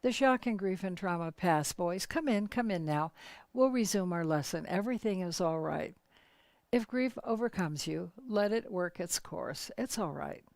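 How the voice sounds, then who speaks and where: A woman voicing a grieving old male Buddhist monk who gently reassures his students and speaks of himself by title. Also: on the low side, lively intonation, moderate pace, vocal fry, no echo. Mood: calm reassuring.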